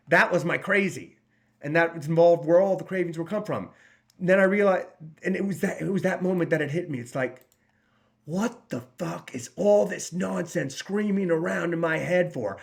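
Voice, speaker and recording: A man in his forties, talking straight to camera as a recovery coach, blunt and profane, with many restarts. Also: on the high side. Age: 40s. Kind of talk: casual direct-to-camera talk.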